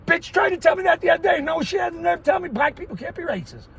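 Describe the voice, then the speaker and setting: A middle-aged man ranting in a profane, erratic monologue, often yelling and cursing. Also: very high-pitched, animated, rapid-fire, vocal fry. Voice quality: yelling, foul-mouthed, erratic. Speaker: vlogger.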